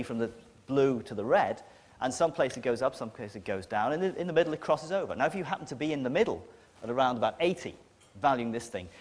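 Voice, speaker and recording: A man with a northern English accent giving a talk to an audience, blunt and emphatic, with a sardonic edge. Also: mid-range voice. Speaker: conference speaker. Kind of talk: lecture to an audience. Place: lecture hall with an audience. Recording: long reverb of a lecture hall.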